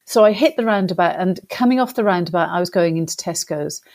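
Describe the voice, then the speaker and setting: A woman with a British accent, a guest in an interview, telling a funny story in a lively way and acting out the voices of the people in it. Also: fairly low pitch, quick pace. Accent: British English. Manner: lively animated storyteller, acts out quotes.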